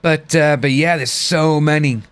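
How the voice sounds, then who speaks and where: Male streamer, casual rambling chat, slightly high voice, soft music underneath. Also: measured pace, smooth. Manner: rambling, chatty, reads out chat names. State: hiccups. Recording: faint music behind.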